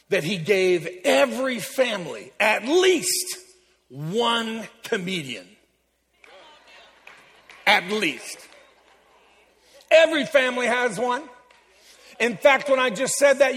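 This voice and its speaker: A man preaching a sermon in a church, exuberant and joking with the congregation, building up to shouts. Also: sits high, in a large hall. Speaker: pastor.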